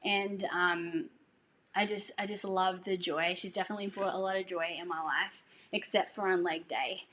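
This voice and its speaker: A woman's voice: fairly low pitch, steady tone, normal speed, fairly bright tone, a little hiss or hum. A woman telling a personal faith story in a casual way, earnest and emotional, laughing now and then. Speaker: singer sharing a testimony.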